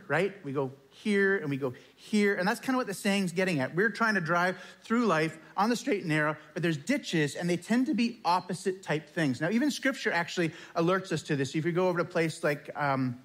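A man's voice: high-pitched, fairly bright tone. A man preaching a casual sermon, telling stories in a chatty, self-deprecating way and acting out bits of dialogue. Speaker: pastor. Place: church.

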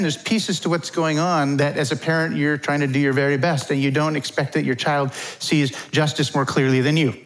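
A man's voice: a little high, fairly even intonation, moderate pace, a bit bright. A middle-aged man preaching a conversational sermon as pastor, informal and chatty. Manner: informal, chatty, acts out quotes.

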